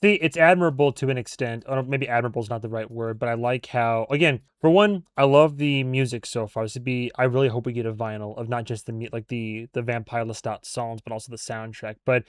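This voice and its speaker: A man's voice: mid-range voice, steady tone, a little fast, few pauses, clear, resonant tone, no echo, clean studio sound. A man hosting a reaction video, chatting casually about a TV episode, rambling, correcting himself and laughing often. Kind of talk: casual commentary over a TV episode.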